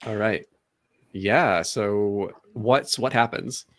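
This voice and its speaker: A man's voice: lowish voice, very slow, a bit bright, no room sound. A man running a tabletop role-playing game, giving brief prompts to the players. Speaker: game master.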